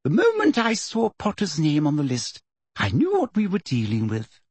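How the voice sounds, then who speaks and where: A man reading an audiobook, voicing a soft-spoken, smug female official. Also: on the high side, wildly swooping pitch, normal speed, slightly rough, no echo, heavily acted.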